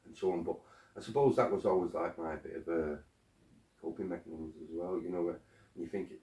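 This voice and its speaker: A man's voice: low voice, a little fast, reverberant, far from the mic. A man, chatting as a podcast guest and acting out arguments he has had. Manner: animated storytelling, acting out quoted arguments, swears. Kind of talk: casual podcast conversation.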